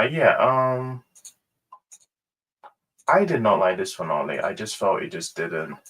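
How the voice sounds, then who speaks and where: A man hosting a casual ranking review, rambling and hesitant with many pauses and fillers. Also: sits low, fairly bright tone, slightly rough, recorded from a distance, low-quality recording. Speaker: host.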